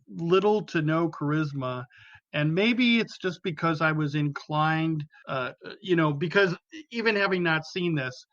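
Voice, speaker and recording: A man talks through his take on a film in a halting way, stopping and restarting often, with a dry critical edge. His voice sits a little high, and the recording is dull and lo-fi. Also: fairly bright tone, no room sound. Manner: hesitant, many restarts and fillers, dry critical. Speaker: podcast panelist. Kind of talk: casual film discussion.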